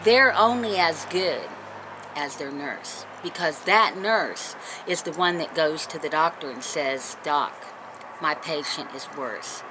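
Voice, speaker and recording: Tearful woman with steady background noise. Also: deep voice, measured pace. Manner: tearful, earnest, consoling. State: crying. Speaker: vlogger. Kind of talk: heartfelt personal talk to camera.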